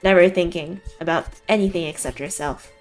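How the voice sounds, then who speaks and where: A woman's voice: on the low side, brisk, darkish tone, faint music behind, close to an everyday voice. A woman voicing the cruel, contemptuous inner voice of a man who accuses him relentlessly.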